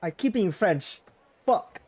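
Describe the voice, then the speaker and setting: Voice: mid-range voice, expressive, takes it slowly, a little mellow, husky, no room sound. A streamer reading a visual novel aloud and chatting, self-mocking and laughing often, trying out character voices.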